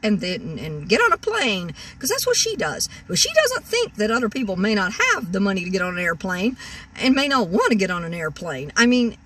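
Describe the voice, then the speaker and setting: A woman's voice: mid-range voice, very animated, fairly quick, fairly bright tone, far from the mic. A woman in her sixties vlogging from her parked vehicle, rambling on with many restarts and repeated words. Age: 60s. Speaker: car-camping vlogger. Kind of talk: rambling vlog rant. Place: parked vehicle in a store parking lot.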